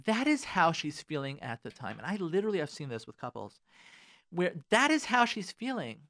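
Rabbi guy on radio lecturing husbands, bit high pitched, dry close sound, keeps repeating himself. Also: wildly swooping pitch, fairly quick, bright, forceful tone, no room sound. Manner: earnest, direct, repeats phrases for emphasis. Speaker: rabbi giving marriage advice. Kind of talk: radio advice talk to listeners.

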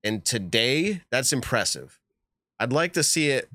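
A man hosting a casual podcast, chatting in an animated, emphatic way and laughing often. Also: mid-range voice, unhurried, dry recording, clean studio sound. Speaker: podcast host. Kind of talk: casual chat.

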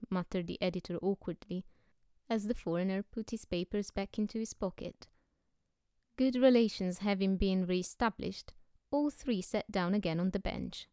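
A woman narrating an audiobook in a measured storytelling way. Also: medium pitch, fairly even intonation, dark tone, clean tone, no room sound, studio quality. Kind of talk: scripted narration.

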